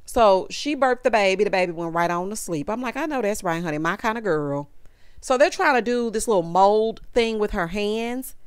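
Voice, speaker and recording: A woman's voice: medium pitch, normal speed, clear, resonant tone, dry recording, clean studio sound. Sassy woman recapping reality TV. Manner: sassy, animated, calls viewers honey and child. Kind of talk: casual recap commentary.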